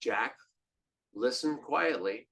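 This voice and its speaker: A man hosting a podcast, telling a story in a monologue. His voice sits at a middling pitch, and he swings from hushed, drawn-out lines to loud, emphatic ones. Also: expressive, vocal fry. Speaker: podcast host.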